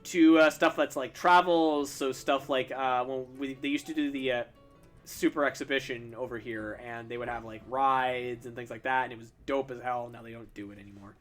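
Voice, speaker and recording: While drawing on stream, a young man answers chat in casual conversation, rambling, stumbling over restarts and laughing at himself. His medium-pitched voice stays fairly even in intonation at a moderate pace, with faint music behind.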